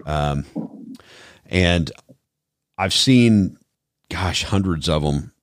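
A man hosts a casual podcast chat in a very deep voice, measured and thoughtful, with plenty of fillers. The recording is dry and close, with no room sound. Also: no room sound. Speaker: podcast host, former trauma responder.

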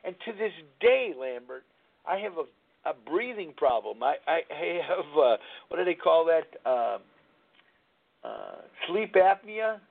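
Host, man in his sixties, higher-pitched voice, candid rambling talk, tinny phone-line audio. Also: big pitch swings, unhurried, gravelly. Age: 60s. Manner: candid, rambling storytelling with frequent restarts. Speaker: radio show host. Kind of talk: live radio talk on recovery.

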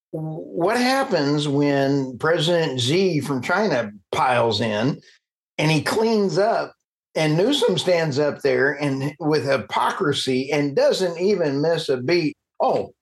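A man hosting an energy podcast, talking with passion and getting worked up, then apologizing for it. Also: a little high. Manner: impassioned, gets worked up and apologizes. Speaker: podcast host. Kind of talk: conversational interview.

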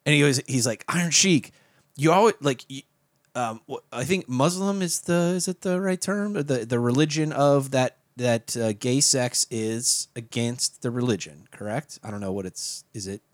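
A man's voice: mid-range voice, normal speed, dry recording. A male podcast guest rambles through stories in casual chat, cursing freely along the way. His voice sits mid-range and sounds dry and close to the mic. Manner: rambling storyteller, swears freely. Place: home podcast setup.

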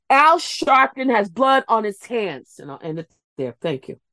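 A woman's voice: a little high, sing-song, a little slow, pushed and bright, no room sound. A woman guest commentator speaking emphatically and emotionally on a talk show, building to anger. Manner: emphatic, preachy, rising to anger. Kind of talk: impassioned political talk.

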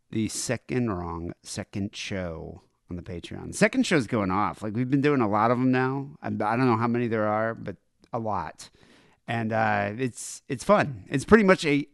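A man's voice: medium pitch, gravelly, a bit bright, dry recording. Guy hosting a podcast, crude easygoing chat, dry close mic. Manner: loose, crude, hesitant with fillers. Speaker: podcast host.

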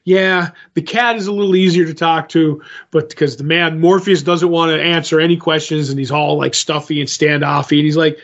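A podcast co-host, a man with a somewhat high-pitched voice, talks through a comic book plot in a loose, rambling way. He keeps slipping into the characters' lines with "he's like" and "she's like." The recording sounds dull and lo-fi. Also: steady tone, brisk. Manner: rambling retelling, acts out quotes with "he's like". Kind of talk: casual comic book recap.

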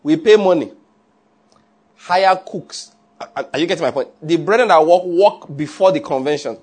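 A man preaching a sermon in an animated way, often checking with his listeners. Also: on the high side, normal speed, husky. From Nigeria. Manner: animated, asks the audience often.

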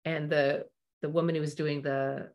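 A middle-aged woman with a fairly low voice hosts a parenting show. She talks casually and warmly explains her points, breaking off for asides and acting out quick snatches of dialogue. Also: little pitch movement. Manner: chatty, full of asides and acted-out quotes. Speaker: parenting podcast host. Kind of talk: casual advice talk.

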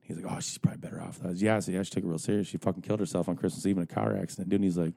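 Middle-aged guy rambling fast, lots of swearing, dark mellow low voice. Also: steady tone, vocal fry, husky. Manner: profane, rambling, laughing at his own stories. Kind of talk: casual storytelling among friends.

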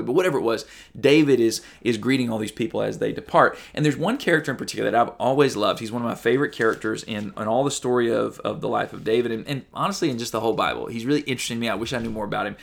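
A man's voice: fairly low pitch, gravelly. A man preaching a sermon as a pastor, earnest and conversational, reading Bible passages and mimicking people.

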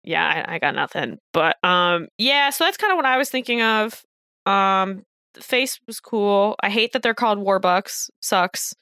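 A woman talking casually on a podcast, her voice bright and ringing with a lively, bouncing pitch. She tosses off quick asides and the odd swear word. The sound is close and dry. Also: clean tone, no echo. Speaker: podcast co-host.

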